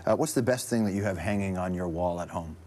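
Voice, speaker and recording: A male talk-show host firing quick questions at a guest. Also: low voice. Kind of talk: rapid-fire interview questions. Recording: noisy studio with loud audience.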